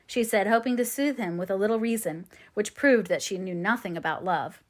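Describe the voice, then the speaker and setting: A woman reading a classic novel aloud as an audiobook narrator, in a clear, measured storytelling manner. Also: mid-range voice.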